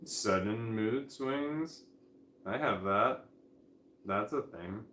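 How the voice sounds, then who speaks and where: A tired, high man rambling casually in a vlog, talking drowsily with a slight slur while lying down at home. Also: extremely slow, fairly bright tone, echoey room, a little hiss or hum. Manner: drowsy, rambling, laughs to himself. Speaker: vlogger.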